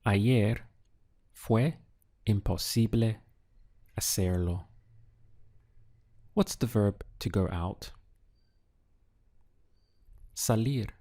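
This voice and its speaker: Speaking low and mellow with a dark tone, a male language teacher runs a measured audio lesson. He poses each phrase to translate, pauses, and then patiently gives the answer, sometimes splitting words into syllables for practice.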